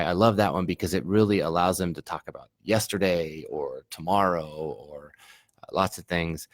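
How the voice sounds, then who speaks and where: A man, a Spanish teacher, explains classroom activities to other teachers in a relaxed, conversational way, now and then acting out the questions he asks students. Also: low-pitched, a little fast, no room sound, studio quality. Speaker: Spanish teacher giving a workshop. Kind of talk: professional development talk.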